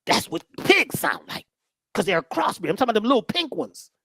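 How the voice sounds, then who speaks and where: Animated, storytelling woman lecturer. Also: medium pitch, brisk, breathy edge, no room sound. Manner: conversational, animated, acts out voices.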